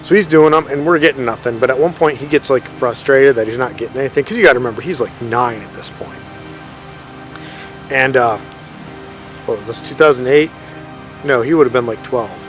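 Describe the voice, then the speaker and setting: A man's voice: mid-range voice, fairly quick, long pauses, faint music behind. A man in his thirties telling a ghost story in a casual, rambling way outdoors in a forest, often correcting himself and using lots of fillers. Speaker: paranormal storyteller vlogger.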